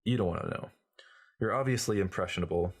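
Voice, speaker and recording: A man's voice: deep voice, fast talker, breathy edge. A man reading as a glib, cynical journalist who lectures breezily in an audiobook. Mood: lecturing. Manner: breezy, lecturing, know-it-all.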